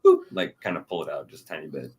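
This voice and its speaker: A man's voice: rumbling low, racing, creaky, fairly bright tone. A man co-hosting a podcast in casual chat, talking loosely and laughing often between remarks. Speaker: podcast co-host. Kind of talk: casual chat reviewing a show.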